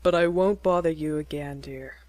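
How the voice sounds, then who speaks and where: A woman reading as an earnest young man, speaking low and tender in a slightly altered voice. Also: moderate pace, a little mellow, no room sound, natural voice.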